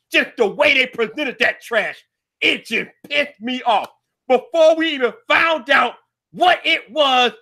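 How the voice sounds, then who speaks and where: High, bright-voiced ranting man. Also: gravelly. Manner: loud, exasperated, swearing, frequent shouting. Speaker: show host. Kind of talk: ranting tech talk show.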